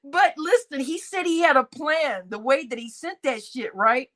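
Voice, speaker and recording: A woman hosting a livestream, chatting casually and gossiping with viewers, often laughing and breaking into loud exclamations. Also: high voice, moderate pace. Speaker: livestream host.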